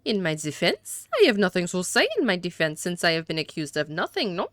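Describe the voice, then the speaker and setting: Woman putting on a haughty older dandy, bad French accent, bright and dry. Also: on the low side, sing-song, a little fast, no echo. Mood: smug. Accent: attempted French. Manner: haughty, formal. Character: dandified older man, smug and condescending.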